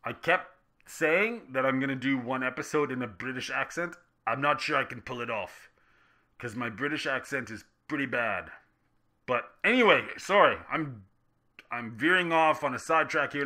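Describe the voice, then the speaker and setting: A man hosting a casual gaming vlog Q&A, rambling and joking with self-deprecating asides, his delivery swinging between loud and soft. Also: medium pitch. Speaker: gaming YouTuber answering viewer questions.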